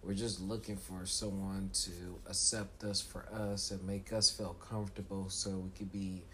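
A man hosting a show, telling a profane story with lively voices, shouting high when he acts out scenes, and turning calm and reflective later. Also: measured pace, a little hiss or hum. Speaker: comedian host. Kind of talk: stand-up storytelling.

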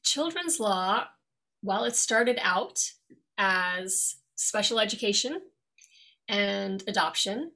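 A middle-aged woman from New York with no regional accent, a lawyer speaking as a guest in an interview in an articulate, friendly, measured way. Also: medium pitch, expressive, sharp tone. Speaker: guest, attorney. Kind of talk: interview conversation.

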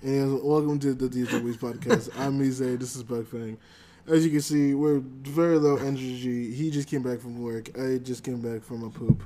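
A man's voice: medium pitch, fairly even intonation, moderate pace, warm tone. Laid-back man hosting a podcast. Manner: laid-back, swears when annoyed. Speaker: podcast host. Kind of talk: casual podcast chat.

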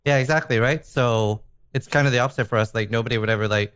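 A man's voice: mid-range voice, fast talker, a bit bright, clean tone. A man with a nasal voice and a slight Norwegian accent, chatting casually and hesitantly on a podcast. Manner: hesitant, filler-heavy. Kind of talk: casual chat.

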